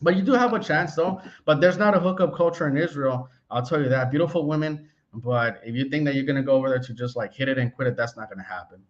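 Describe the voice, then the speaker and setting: A man's voice: mid-range voice, fast, few pauses, lo-fi sound. A man hosting a travel channel, chatting casually on a video call in a blunt, profane, outspoken way. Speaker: travel YouTuber, host. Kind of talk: casual chat.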